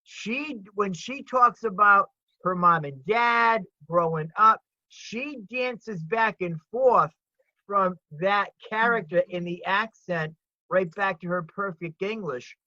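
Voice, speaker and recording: A man, a comedian, chatting eagerly on a video call, repeating words as he warms up to a point. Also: high-pitched, no echo. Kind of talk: casual video chat. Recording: dull lo-fi video call audio.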